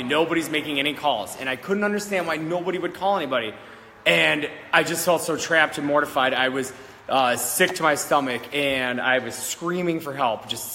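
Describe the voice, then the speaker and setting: A man who works as a psychic medium tells a story to camera, rambling, giggling and circling back with lots of ums. His voice is bright and forceful. It rings with a long reverb inside an old country schoolhouse, over faint background noise. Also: on the high side, normal speed. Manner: giggly, rambling, many fillers and restarts.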